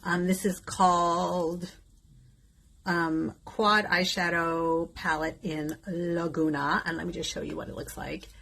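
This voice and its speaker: A woman's voice: fairly low pitch, level tone, slow pace, vocal fry, fairly bright tone, rough recording. A woman in her fifties talking candidly in a casual vlog while doing her makeup, chatting openly with plenty of fillers. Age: 50s. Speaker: beauty vlogger.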